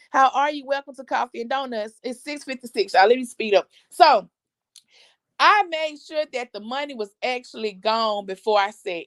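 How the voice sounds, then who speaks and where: A middle-aged woman hosting a family live show, telling a story in an animated, expressive way. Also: fairly high pitch, dry recording. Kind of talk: casual storytelling chat.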